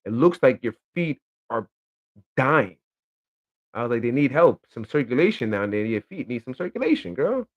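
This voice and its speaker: A man's voice: medium pitch, moderate pace. A young man giving a blunt, profane, casual opinion monologue, telling stories with lots of energy. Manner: profane, blunt, animated storytelling. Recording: slightly dull lo-fi audio.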